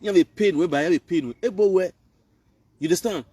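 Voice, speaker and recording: A man's voice: high voice, brisk, warm tone, slightly rough, no room sound, recorded from a distance. A man from Benin, Nigeria, speaking Nigerian Pidgin English, who rants and scolds in a preachy live video commentary. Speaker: online commentator.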